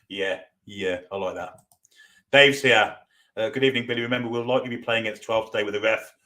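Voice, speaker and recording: A man's voice: fairly low pitch, fairly even intonation, moderate pace, pauses often, pushed and bright. Chatty Geordie man hosting a fan stream. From North East England. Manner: chatty, reads out viewer comments with banter. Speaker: fan watchalong host. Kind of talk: live stream chat reading.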